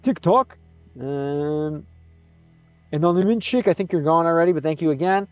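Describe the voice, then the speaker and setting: A man, a native English speaker, live-streaming in a casual chat, sounding out Russian words slowly and thinking aloud as he thanks viewers. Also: fairly high pitch, smooth, no echo, dull audio, soft background music.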